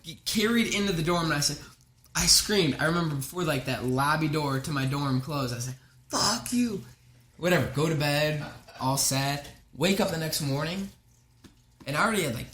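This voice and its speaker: A young man tells a wild college story in loose casual chat, piling on filler and swearing as he laughs at himself. His voice sits a little high and sounds bright and pushy. The room around him is echoey, with faint noise underneath. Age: young adult. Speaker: podcast guest.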